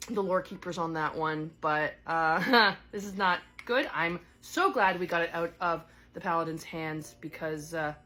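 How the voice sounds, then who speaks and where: A woman's voice: on the low side, measured pace, few pauses, pushed and bright. A woman voicing a chatty goddess stranded in another world. She speaks in a rambling way, full of fillers and self-corrections. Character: chatty displaced goddess, scattered but caring. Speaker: one-sided role-play character. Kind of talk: improvised solo role-play.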